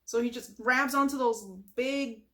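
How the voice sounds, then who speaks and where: A woman's voice: high voice, steady tone, measured pace, fairly bright tone. A woman casually retelling a cartoon episode from memory, chatty, with lots of "like" and sound effects. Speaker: storyteller.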